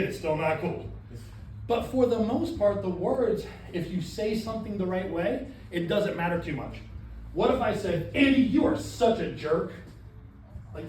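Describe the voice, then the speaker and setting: A high-pitched man leads a training class, animated and quick to quiz the people in front of him. He is caught from across an echoey room, with a faint hum of room sound behind him. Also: distant mic. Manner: animated, asks the room questions. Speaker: sales trainer.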